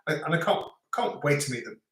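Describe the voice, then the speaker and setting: A man's voice: fairly high pitch, expressive, fairly quick, fairly bright tone. A middle-aged man hosting a live stream, chatting casually and rambling as he reads out viewer comments. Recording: echoey room.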